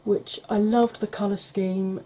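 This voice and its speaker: A woman hosting a beauty channel, chatting casually and rambling softly while she declutters her makeup, with self-deprecating asides. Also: medium pitch, fairly even intonation, a little slow, poor audio. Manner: soft, quiet delivery.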